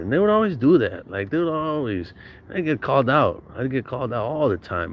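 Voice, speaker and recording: A man from Southern California, a podcast guest, speaks in a mid-range, sing-song voice at a fairly quick pace over a little hiss or hum. He tells casual stories about his childhood, using slang and profanity and laughing often.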